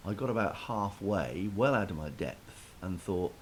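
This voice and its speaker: A man's voice: sits low, lively intonation, a little slow. A man casually telling a self-deprecating story in a chat, with lots of restarts, over a faint hiss.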